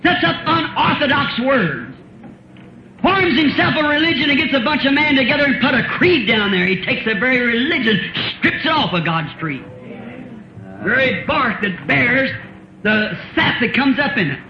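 A man in his fifties delivers a sermon in a folksy, chuckling way, tossing questions out to his congregation. His very high voice swings widely, and he speaks animatedly at a moderate pace over soft background music. The recording sounds muffled and roomy, like an old tape made in a church hall.

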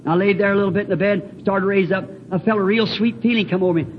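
A man's voice: sits high, fairly even intonation, fast, muffled recording, slight background noise. A man preaching a fervent sermon in a church, telling personal stories in a folksy, rambling way with emphatic exclamations. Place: church building.

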